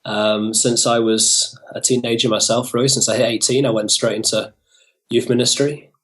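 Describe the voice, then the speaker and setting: A man's voice: mid-range voice, level tone, normal speed, fairly bright tone. A young British man from northern England, a guest on a podcast, talking in an upbeat way and laughing easily. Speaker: guest, youth worker. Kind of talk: casual podcast interview.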